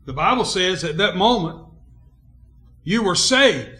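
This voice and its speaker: A man pastor preaching a sermon in a church, emphatic, swinging between quiet and loud, calling out for amens. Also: high-pitched, big pitch swings, unhurried, pauses often, roomy sound.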